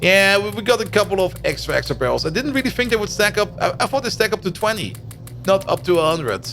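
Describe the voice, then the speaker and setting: Lively Dutch-German-accented man streaming. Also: sits high, fast, creaky, soft background music. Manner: thinks aloud while playing, chatty, laughs easily. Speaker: game streamer. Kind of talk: casual let's-play commentary.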